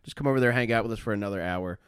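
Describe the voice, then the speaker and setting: A man's voice: fairly low pitch, rapid-fire, clear, resonant tone, dry recording. A man co-hosting a comedy podcast, with dry, self-deprecating humor. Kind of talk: casual comedy podcast banter.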